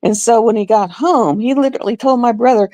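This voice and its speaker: A middle-aged woman who works as a nurse, telling a story on a casual live stream in an animated, emphatic way and repeating words for effect. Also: on the high side, fairly quick, dry recording.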